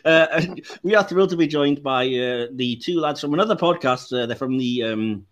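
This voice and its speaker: A man hosting a film review podcast in casual chat, laughing often and filling pauses with "uh". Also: a little high. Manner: laughs often, many filler "uh"s. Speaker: podcast host.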